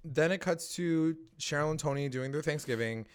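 A man's voice: fairly high pitch, moderate pace, clean tone. A man co-hosting a casual TV recap chat, swearing freely and acting out characters' lines. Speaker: podcast co-host.

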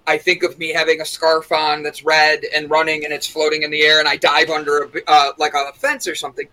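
A man's voice: a little high, monotone, fairly quick, bright, forceful tone, rough recording. A man hosting an interview, asking curious, upbeat questions. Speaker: host. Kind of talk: casual interview talk.

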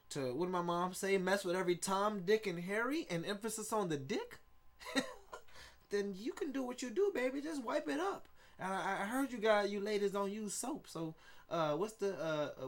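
Guy rambling on his own podcast, jokey, keeps laughing and tripping over words, voice a bit on the high side. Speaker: podcast host. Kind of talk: casual solo podcast chat.

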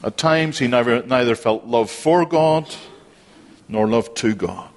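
A man's voice: mid-range voice, unhurried. A man preaching a sermon, earnest and repeating phrases for emphasis. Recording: long hall reverb.

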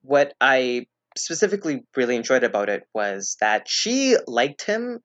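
A man talking casually as a podcast guest, at a middle pitch. His speech wanders, with frequent restarts and fillers. The recording sounds dull and lo-fi, with a dry, close sound and no room echo. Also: sing-song, normal speed, a bit bright. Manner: rambling, hesitant, full of restarts and fillers.

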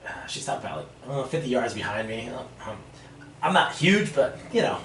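A man chatting casually, telling animated stories and laughing as he goes. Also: mid-range voice, fairly quick. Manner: animated, laughs through stories, acts out voices. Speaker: podcast guest. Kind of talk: casual storytelling chat. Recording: echoey room, mic at a distance, faint noise.

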